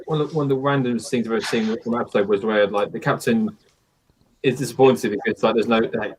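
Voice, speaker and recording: A man's voice: medium pitch, steady tone, fast, slight background noise. A man chatting casually as co-host, joking and laughing easily. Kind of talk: casual chat.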